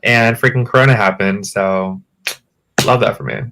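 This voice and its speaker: A man joining a casual chat, reacting and joking in a lively way. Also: lowish voice, moderate pace, background noise.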